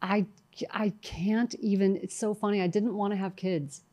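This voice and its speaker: A middle-aged woman, a guest in an interview, talking in a lively, storytelling way and acting out what others said to her. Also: mid-range voice, normal speed. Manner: animated storytelling, quotes herself and others. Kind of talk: conversational interview.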